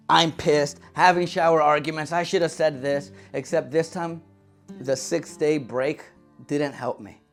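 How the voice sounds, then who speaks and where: A young man telling a personal story in a comic vlog, animated and acting out quotes in different voices. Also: on the high side. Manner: animated, acts out his own thoughts and other people in quoted voices.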